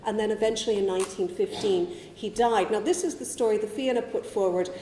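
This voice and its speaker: A woman's voice: mid-range voice, brisk, warm tone, a little hiss or hum. Woman lecturing in an echoey hall. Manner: chatty, digressive, with asides. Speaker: historian giving a public talk. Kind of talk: public lecture. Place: museum talk room.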